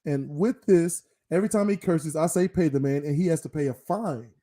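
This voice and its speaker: With a fairly high, warm voice at normal speed, this man co-hosts a casual sports podcast. He rants and scolds in mock fury during a heated, casual debate, using an invented word instead of curses.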